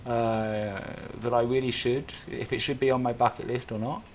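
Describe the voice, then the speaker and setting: A man in a casual live stream talks his way through building in a game, wandering off on small tangents and muttering to himself. His voice sits at an ordinary middle pitch. A faint bed of ambient noise runs beneath him. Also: little pitch movement, moderate pace. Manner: rambling, thinking aloud with self-talk and tangents. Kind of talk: casual live-stream commentary while playing.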